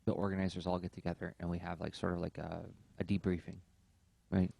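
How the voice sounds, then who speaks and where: A man's voice: low-pitched, level tone, fast, creaky, darkish tone, no echo. A man co-hosting a podcast, talking in long, thoughtful runs with many fillers in casual conversation. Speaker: podcast co-host.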